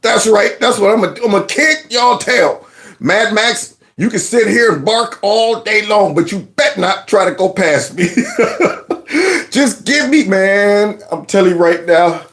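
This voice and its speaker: Male reaction host, high lively voice, mocking and laughing, trash-talk delivery. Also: unhurried. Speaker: commentary host. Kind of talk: reaction commentary.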